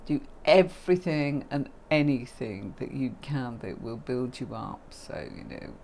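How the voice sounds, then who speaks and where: A middle-aged woman teaching tarot on a livestream speaks in a bass voice at a measured pace, with vocal fry and a darkish tone. Chatty and loving, she calls viewers "darling" and "my lovely"; a little hiss or hum runs through the audio.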